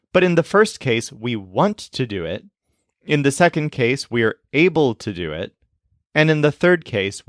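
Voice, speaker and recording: A man teaching a language lesson, explaining grammar in a clear, scripted way and giving English sentences to translate. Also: mid-range voice, no echo, studio quality. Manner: slow, clear explanatory delivery.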